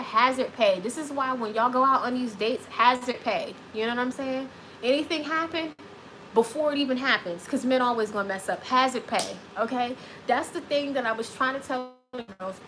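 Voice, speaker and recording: A woman hosting a live stream, reading chat comments and giving dating advice in a sassy, animated way, with speech. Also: sits high, slight background noise, low-quality recording. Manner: sassy, animated, repeats phrases for emphasis.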